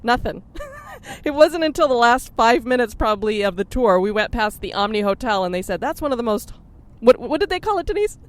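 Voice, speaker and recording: Upbeat woman host, a bit higher voice, casual chat recorded in a car. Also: big pitch swings, a little fast. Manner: chatty and upbeat, laughs often. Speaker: podcast host. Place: in a car on a road trip. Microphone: sharing one mic with co-host.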